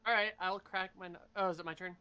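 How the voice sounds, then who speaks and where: A woman with a bright, smooth, resonant voice plays a tabletop game. She talks casually with a wry, sarcastic edge. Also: lowish voice, fairly even intonation, fast talker. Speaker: player.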